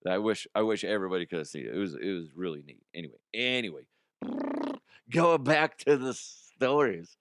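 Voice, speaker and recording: A man hosting a comedy show, his voice hoarse and strained, chatting casually in a rambling, excitable way and laughing often. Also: fairly low pitch, brisk, no echo, clean studio sound. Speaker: comedy show host and youth baseball coach.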